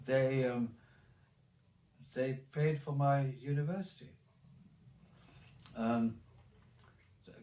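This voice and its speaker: A man's voice: mid-range voice, dark tone, far from the mic. A man in his eighties with a German accent, recalling his life in a recorded oral history interview, rambling with many restarts and repeated words. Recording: echoey room, off mic.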